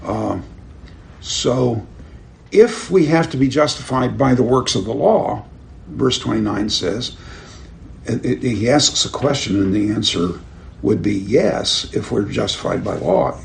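A man's voice: mid-range voice, unhurried, creaky. An older man teaching a Bible class in a conversational way, asking his listeners questions and chuckling at his own stories. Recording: roomy with faint background noise.

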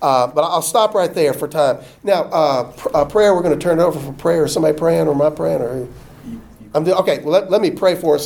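Folksy, animated preacher man. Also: a little high, fast talker, vocal fry. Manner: folksy, animated, acts out quotes. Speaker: pastor. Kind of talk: sermon.

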